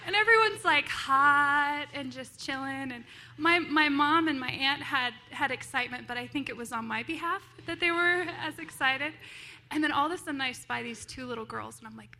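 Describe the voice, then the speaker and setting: A woman sharing a personal story during a church sermon, bubbly and quick to laugh, acting out the voices she quotes. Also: sits high, pushed and bright. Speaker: church member sharing a testimony.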